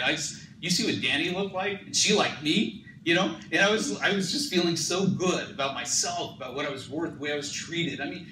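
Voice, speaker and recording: A man, a dating coach, giving an emphatic motivational seminar talk and jumping up in pitch when he gets excited. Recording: echoey room, mic at a distance, noisy.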